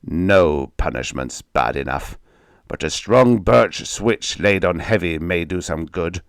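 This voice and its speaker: A man reading the lines of a cruel, sneering stepfather slowly and menacingly. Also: sits low, lively intonation, clear, resonant tone, no room sound, studio quality, heavily acted. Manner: slow and menacing.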